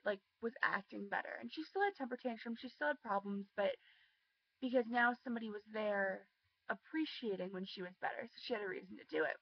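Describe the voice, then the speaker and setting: A woman's voice: medium pitch, gravelly, highs cut off. A teenage girl telling a personal story in a casual, chatty way, full of ums and likes. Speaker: vlogger.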